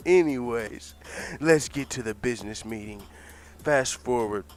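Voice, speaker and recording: A man telling a comic fantasy story in an animated, profane way, laughing often. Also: medium pitch.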